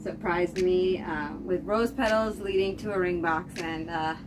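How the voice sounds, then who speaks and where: An American woman casually telling the story of her marriage in a lively, laughing way. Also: lowish voice, a little slow, background noise. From United States. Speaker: interviewee, wife. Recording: distant mic with music underneath.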